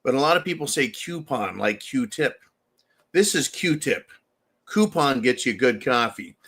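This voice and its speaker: A man hosting a livestream commentary show, talking in a loud, ranting way and laughing often. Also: medium pitch, animated, unhurried, husky. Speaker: show host.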